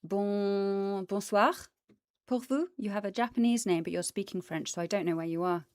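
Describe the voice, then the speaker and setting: This voice actress, whose accent is British and American, hosts a casual plant livestream in a mid-range, slightly mellow voice at normal speed. Sitting close to a desk microphone with a dry sound, she chats enthusiastically with viewers, filling gaps with ums and asides.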